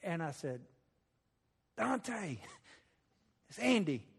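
Man, slightly high voice, folksy storytelling testimony, conversational, long echoing hall reverb. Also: very animated, drawn-out words, a bit bright, husky. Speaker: speaker sharing a personal testimony.

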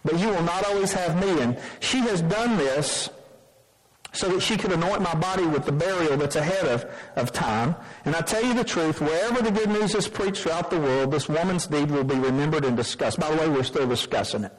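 A man's voice: a little high, expressive, fairly quick, rough recording. A man preaching a sermon as pastor, emphatic, reading scripture and often restarting his sentences.

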